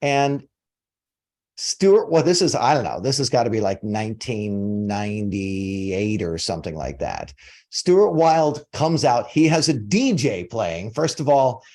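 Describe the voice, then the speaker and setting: A man in his forties hosting a casual group coaching call, telling stories with animated energy. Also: fairly low pitch, measured pace. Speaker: host and coach.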